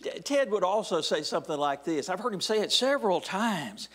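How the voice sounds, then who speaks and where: A male pastor preaching a sermon in a church, deliberate and measured, often dropping his voice to a near whisper at the end of phrases. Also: sits high, sing-song, fairly bright tone, breathy edge. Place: church sanctuary.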